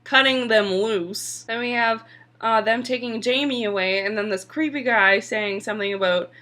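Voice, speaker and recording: A woman's voice: on the high side, normal speed, bright, forceful tone. A young woman casually recapping a TV episode, chatty and full of "like" fillers, sometimes swearing. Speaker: TV episode reviewer.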